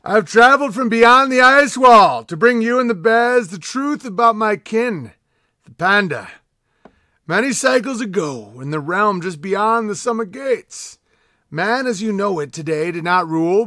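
A man's voice: high-pitched, expressive, unhurried, pushed and bright, dry recording, studio quality, pitched above the performer's own voice, full character voice. A man voicing a grandiose male panda bear herald, proclaiming in a pompous, mock-epic reading.

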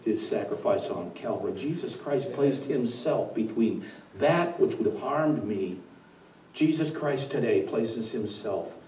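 A man preaching a dramatic storytelling sermon, swinging from hushed to loud, recorded in a church. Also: mid-range voice, expressive, measured pace, slight background noise. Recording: echoey church from far off.

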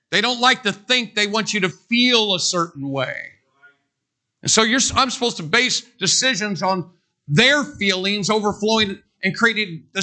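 A man's voice: sits high, bright, forceful tone. A man pastor preaching a sermon in a church, emphatic and drilling points with call-and-response. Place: church sanctuary.

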